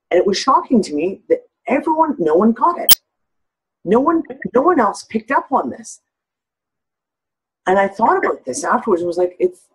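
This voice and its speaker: A woman speaking openly in a relaxed group discussion, heard over a video call. Her voice is a little husky. She swears freely and lifts into the voices of the people she quotes. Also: mid-range voice, rough recording. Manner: candid and expressive, swears freely, acts out others' lines. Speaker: discussion participant.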